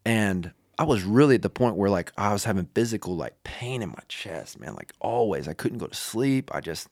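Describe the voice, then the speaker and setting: A young man who preaches tells a personal story in a loose, casual way, full of fillers. His voice sits a little low but swings widely in pitch. The sound is dry and close. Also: expressive, moderate pace, darkish tone, no echo.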